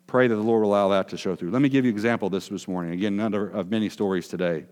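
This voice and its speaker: Preacher with long hall reverb. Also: male voice, fairly low pitch, fairly even intonation, rapid-fire, darkish tone. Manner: chatty, asks the congregation questions, self-deprecating asides. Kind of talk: conversational sermon.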